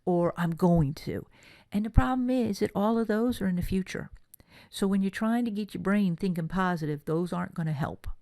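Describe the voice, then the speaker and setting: A woman presenter from California leads a motivational workshop, telling stories in a chatty, lively way. Her voice carries a gravelly fry at the ends of phrases. The sound is dry and close, with no room echo. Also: mid-range voice, fairly quick. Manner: chatty storytelling, lively asides.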